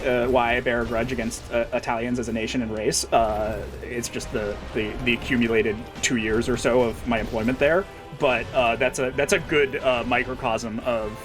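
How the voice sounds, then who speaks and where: A man livestreaming and reading chat, rambling casually with wry, profane humor and lots of fillers. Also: medium pitch.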